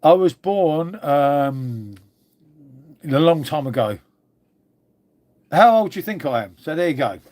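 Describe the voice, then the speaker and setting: Chatty middle-aged bloke streaming. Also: male voice, a little high, expressive, takes it slowly, pauses often, darkish tone. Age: 50s. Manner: chatty, jokey, swears, calls everyone mate. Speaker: live streamer. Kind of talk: casual live-stream chat with viewers.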